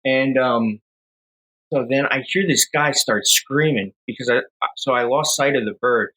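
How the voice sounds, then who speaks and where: Bright-voiced man telling a story. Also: medium pitch, measured pace, husky, poor audio. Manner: rambling, relaxed storyteller with many fillers. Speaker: podcast guest, falconer. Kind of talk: casual storytelling.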